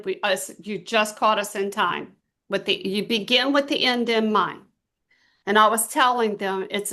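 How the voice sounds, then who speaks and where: A middle-aged woman giving a motivational talk to a small group, telling stories with emphatic, drawn-out stresses. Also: fairly high pitch, sharp tone. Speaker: team trainer.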